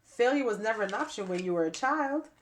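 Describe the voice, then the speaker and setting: Stuffy, raspy-throated woman reading tarot. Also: fairly high pitch, lively intonation, fairly quick, a little hiss or hum. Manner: repetitive, emphatic, preaching. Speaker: tarot reader. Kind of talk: spiritual reading to camera.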